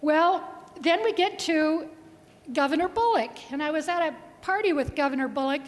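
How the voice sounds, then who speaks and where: High-pitched lady senator spinning folksy yarns at the podium, long echoey chamber reverb. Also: moderate pace. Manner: folksy storytelling with chuckles. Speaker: state senator. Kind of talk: farewell speech. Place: legislative chamber.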